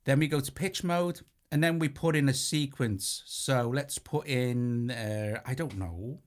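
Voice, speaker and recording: A British man with a mid-range, unhurried voice hosts a hands-on synthesizer tutorial, walking through the gear casually. He corrects himself as he presses buttons while synth sequences play in the background.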